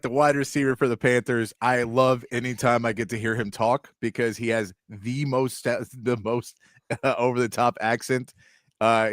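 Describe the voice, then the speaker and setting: A man's voice: medium pitch, dry recording, clean studio sound. A Texan man hosting casual sports talk, telling stories chattily and laughing as he goes. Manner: chatty storyteller who laughs as he talks. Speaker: sports talk show host.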